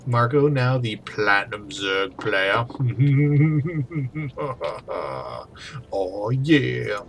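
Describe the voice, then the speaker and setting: A man's voice: lowish voice, takes it slowly, gravelly, fairly bright tone, a little hiss or hum. A young man hosting a casual game-replay commentary, chatty and playful with jokey asides. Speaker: host, game caster. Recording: faint music behind.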